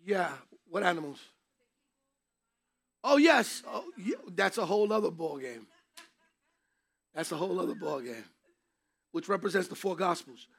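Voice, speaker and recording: Gravelly high-voiced male Bible teacher. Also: expressive, moderate pace, long pauses, a bit bright. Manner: emphatic, preacherly, takes questions from class. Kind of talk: interactive Bible class teaching.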